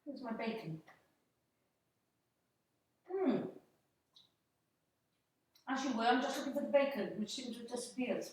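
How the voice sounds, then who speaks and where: A woman with a fairly high, expressive voice cooks live from her home kitchen, speaking at a measured pace with frequent pauses and heavy reverb. She chats with her viewers in a scattered manner, greeting them mid-task.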